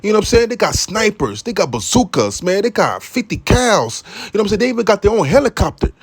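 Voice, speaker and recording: Young male commentator, high pitched, rambling and profane, constant "man" filler. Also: quick pace, breathy edge. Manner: profane, animated street talk. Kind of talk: casual monologue commentary.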